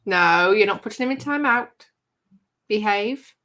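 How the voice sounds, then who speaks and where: A woman's voice: mid-range voice, animated, a little slow, sharp tone. A woman hosting a casual live chat stream, laughing often and bossing her co-host. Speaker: livestream host.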